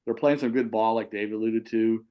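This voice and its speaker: Man, sports talk host, casual, animated, restarts his sentences. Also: fairly low pitch, normal speed, clean tone. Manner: animated, repeats and restarts words. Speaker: show host and football official.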